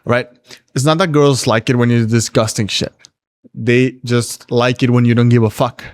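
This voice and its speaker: A man's voice: medium pitch, steady tone, normal speed, dry recording. A man coaching on dating during a casual livestream Q&A, reading viewer questions aloud and answering in a blunt, profane, laid-back way.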